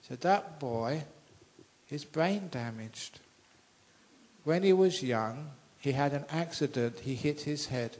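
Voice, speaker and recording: An older man with a British accent, a monk telling a story in a sermon, acting out characters with sudden loud outbursts. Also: mid-range voice, rough recording. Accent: British English. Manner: animated storyteller, acts out voices with loud outbursts. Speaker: monk giving a dharma talk. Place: large trade centre hall with an audience.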